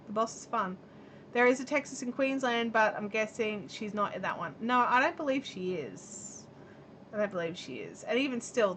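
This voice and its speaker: With a bright, forceful tone in a mid-range voice, a middle-aged Australian woman chats rambly on her home live stream while crocheting and reading viewer comments aloud. Slight background noise comes through the camera mic.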